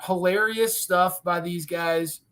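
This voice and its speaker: A man's voice: high-pitched, fairly even intonation, slow, a bit bright, clean tone. A man co-hosting a wrestling recap show in casual chat, talking enthusiastically and rambling with frequent restarts.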